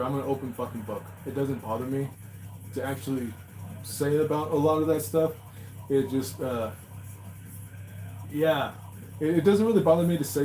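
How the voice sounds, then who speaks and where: A man hosting a story show, reacting in a casual monologue full of swearing and laughter. He drops into low mutters and then bursts out loud and high. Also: poor audio. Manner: swears constantly, laughs, jumps from mumbling to loud outbursts. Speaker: host reacting to reddit stories.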